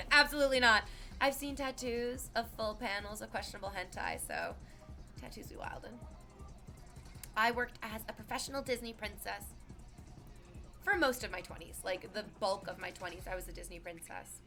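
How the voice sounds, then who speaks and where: A woman in her thirties streaming and chatting casually as she reads viewer messages, lively and animated, bursting into laughs and exclamations. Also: medium pitch, normal speed, faint music behind.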